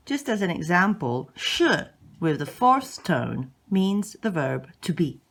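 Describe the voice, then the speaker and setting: A woman teaching a language lesson, slowly modeling each word and exaggerating the tones for learners to repeat. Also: lowish voice, sing-song. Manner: exaggerates rising and falling tones.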